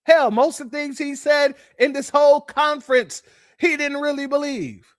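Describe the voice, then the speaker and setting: Male online preacher-commentator, high-pitched, dry close mic, preachy and sarcastic. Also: normal speed, no echo. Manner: preachy, sarcastic, addresses listeners as family. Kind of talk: sermon-style livestream commentary.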